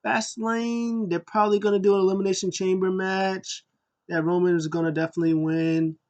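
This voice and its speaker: A man giving a casual, excitable recap of a wrestling show, acting out scenes in raised voices. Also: high-pitched, quick pace, dull audio.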